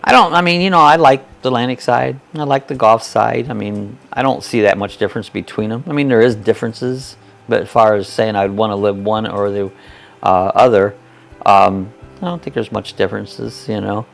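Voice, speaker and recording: Older man, gravelly low voice, folksy rambling host of a casual live chat, faint music underneath. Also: normal speed. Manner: rambling, folksy, self-deprecating. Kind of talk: casual live-stream chat reading comments.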